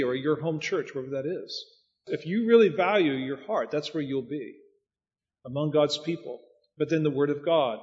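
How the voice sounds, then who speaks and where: A man preaching as a pastor, folksy and anecdotal, with chuckling asides. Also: a little high. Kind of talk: preaching talk. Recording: muffled sound with long hall reverb.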